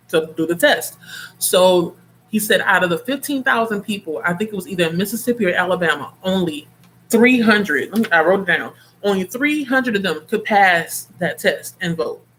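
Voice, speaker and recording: Woman host, casual home stream, chatty and animated, wanders off topic, reads out viewer comments. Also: fairly low pitch, a little hiss or hum. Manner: expressive, laughs often. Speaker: livestream host of a reading session.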